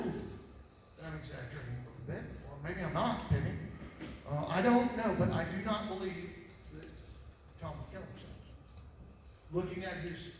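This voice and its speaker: A fairly high-voiced man speaks as a civil investigator at a press conference, pressing his points hard and firing off rhetorical questions. His voice comes from well off the mic, with a long, booming reverb around it and a faint hiss underneath. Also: expressive, normal speed, pauses often. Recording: echoey hall, voice far from mic.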